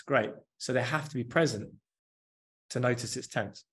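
A man in his thirties with a mid-range voice talks openly and thoughtfully as an interview guest. He drifts through his thoughts in an earnest, unpolished way, often filling with "like" and "you know". His calm, practitioner's tone suggests a therapist or coach. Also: mid-range voice, moderate pace. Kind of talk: candid conversational interview.

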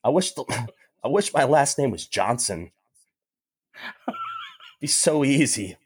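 A man's voice: mid-range voice, lively intonation, takes it slowly, breathy edge, no echo. A man from New York chatting casually on a podcast, crude and joking, laughing often. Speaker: podcast co-host. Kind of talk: casual chat.

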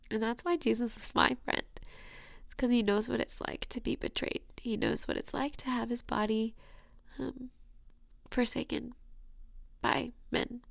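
A woman's voice: a little high, creaky, fairly bright tone, no room sound, studio quality. A young woman hosting a personal faith podcast, earnest and emotional, often dropping to a whisper. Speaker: podcast host.

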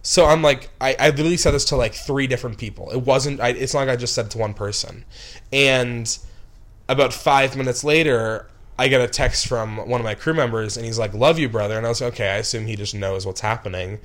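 A young man directing films spins a long, meandering story, piling on "like" and restarting his sentences. His voice sits at a middling pitch and rises into heated bursts when he gets worked up. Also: a little fast, a bit bright. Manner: rambling, heavy with "like" and restarts, flares into angry outbursts. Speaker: film director. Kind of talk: casual storytelling.

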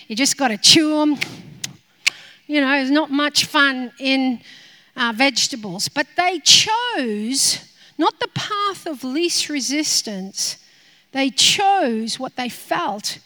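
A middle-aged woman pastor preaching a sermon, animated, acting out her own prayers to God. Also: high voice.

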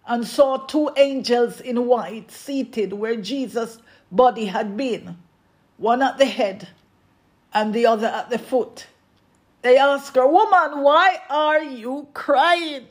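A preacher delivering a sermon, repeating refrains with emphasis and speaking straight to the congregation. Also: mid-range voice.

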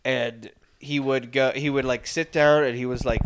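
A man's voice: mid-range voice, steady tone, normal speed, smooth. A young man co-hosting a podcast, telling a story in casual chat and mimicking voices in quotes. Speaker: podcast co-host.

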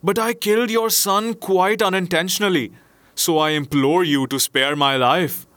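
A man's voice: fairly high pitch, fairly even intonation, measured pace, fairly bright tone, clear, resonant tone, dry recording. A man voicing a terrified male merchant in a storybook reading, pleading with trembling urgency. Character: terrified male merchant begging for his life.

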